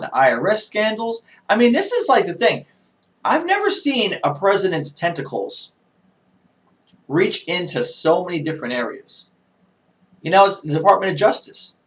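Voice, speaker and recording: A man with a notably high voice delivers an emphatic political rant on his own video show. He talks casually but hammers his points, throwing out question after question. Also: fairly bright tone. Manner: emphatic, ranting, rhetorical questions.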